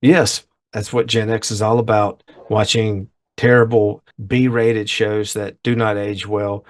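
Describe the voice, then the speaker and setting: A man's voice: fairly low pitch, level tone, takes it slowly. A middle-aged man co-hosting a podcast in casual chat, who retells a story scene by scene and acts out the people in it. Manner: retells scenes, acting out voices. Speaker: podcast co-host. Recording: podcast recording.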